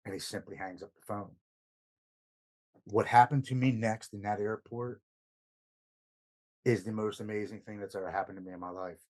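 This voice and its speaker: Low-voiced man telling his story earnestly. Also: fairly even intonation, normal speed, long pauses, a little mellow, low-quality recording. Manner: earnest, emotional storytelling with stammered repeats. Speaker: podcast guest. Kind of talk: personal recovery story.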